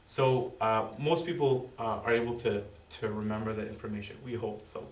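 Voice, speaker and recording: A man giving a school presentation to parents, explaining in a halting way full of fillers and restarts. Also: lowish voice. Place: school room with audience. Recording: roomy, distant, faint background noise.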